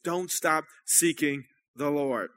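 High, bright preacher. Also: male voice, slow pace. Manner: conversational, rhetorical check-ins with the congregation. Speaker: pastor. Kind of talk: sermon. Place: church service.

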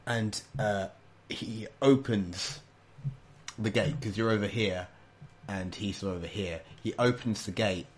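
A man narrating a tabletop game as game master, halting with many fillers. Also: on the low side, husky.

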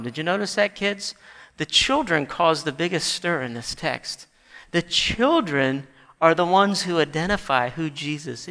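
A man preaching a sermon in a church, animated and rising to shouts when he quotes scripture. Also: a little high, long reverb tail. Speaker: pastor.

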